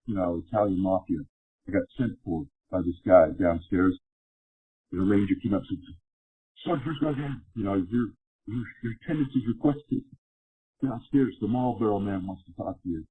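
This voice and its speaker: A man talking as a podcast guest, speaking casually in halting sentences with frequent restarts. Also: low voice, husky. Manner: halting, with many restarts and fillers. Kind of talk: casual conversation. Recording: phone-line call audio.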